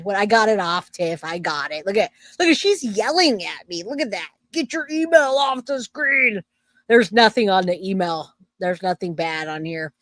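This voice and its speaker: A woman's voice: on the low side, dry recording. A woman hosting a true crime livestream, chatting loosely with her viewers and reading comments aloud. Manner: loose and chatty, self-interrupting, laughs easily.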